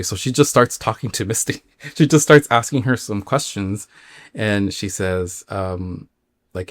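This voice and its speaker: A man's voice: fairly low pitch, unhurried, no room sound, clean studio sound. A man hosting a spooky podcast, casually retelling a listener's dream story with rambling asides and many fillers. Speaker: podcast host.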